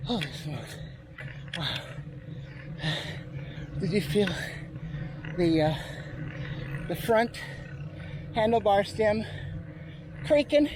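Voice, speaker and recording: A man's voice: high-pitched, sing-song, extremely slow, pauses often. Chatty man vlogging from his bike. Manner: chatty, narrating as he rides. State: out of breath at times. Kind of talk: casual talk while cycling. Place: outdoors on a bike. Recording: loud outdoor noise.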